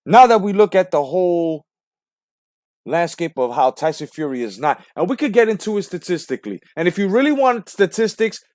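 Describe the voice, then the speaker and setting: A man's voice: high-pitched, big pitch swings, fairly quick, a little mellow, no room sound, studio quality. Profane, ranting boxing talk-show host man. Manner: profane, ranting, emphatic with rhetorical questions. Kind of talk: heated late-night boxing talk show.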